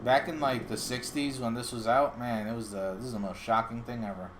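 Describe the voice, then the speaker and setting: A man streaming a film reaction, joking loudly, swearing and doing silly accent bits for his chat. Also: mid-range voice, fairly even intonation, a little fast, a little hiss or hum. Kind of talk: casual livestream reaction.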